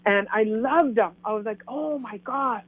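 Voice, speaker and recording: A woman's voice: a little high, measured pace, no echo. Woman telling her story over a phone line. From Canada. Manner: animated, acts out quoted dialogue. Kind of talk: casual storytelling. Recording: tinny phone line, dry.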